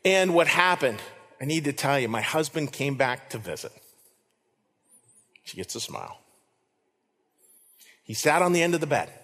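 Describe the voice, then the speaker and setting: A man's voice: fairly high pitch, very animated, moderate pace, long pauses, fairly bright tone, husky. A man preaching a sermon as pastor, earnest, repeating key lines for emphasis. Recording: reverberant hall.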